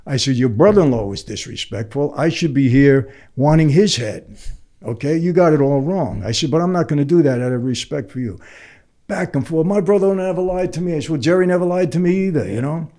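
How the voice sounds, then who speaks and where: A man's voice: a little high, a little fast. An older man, a podcast guest telling a long story and acting out each person's lines. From New York. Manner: animated, acts out the other people's lines. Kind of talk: storytelling in conversation.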